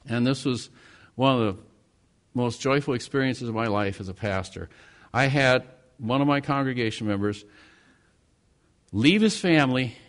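Male pastor, sermon storytelling, dramatic swings from hushed to loud. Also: medium pitch.

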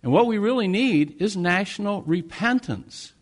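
A man's voice: high-pitched, lively intonation, normal speed. A man from the United States preaching a sermon, earnest, with rising and falling emphasis. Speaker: pastor.

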